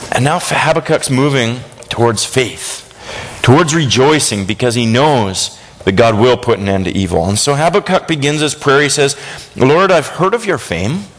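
A man preaching a sermon, swinging between high excited bursts and low hushed tones.

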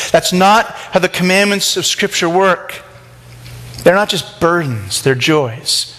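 High-voiced man preaching conversationally. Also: normal speed, fairly bright tone. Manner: conversational, rhetorical questions, acts out quoted voices. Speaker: pastor. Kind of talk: sermon.

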